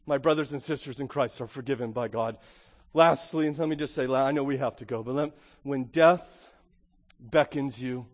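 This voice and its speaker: Preacher man, booming then hushed. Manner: swings from booming proclamation to hushed intimate appeals. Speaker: pastor. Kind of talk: Easter sermon. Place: church.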